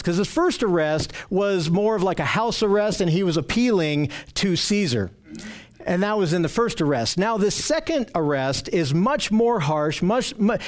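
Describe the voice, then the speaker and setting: A man preaching a sermon, teaching earnestly and emphatically, often repeating phrases for stress. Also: sits high.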